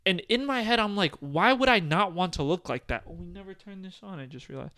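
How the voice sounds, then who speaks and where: A young man co-hosting a casual podcast, talking in an animated, emphatic way and swearing often. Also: high voice, brisk. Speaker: podcast co-host.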